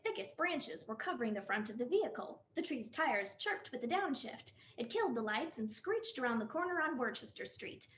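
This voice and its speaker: Animated woman reading a story. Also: high-pitched. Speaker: library staff reader. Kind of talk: expressive reading of a comic novel. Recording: roomy echo.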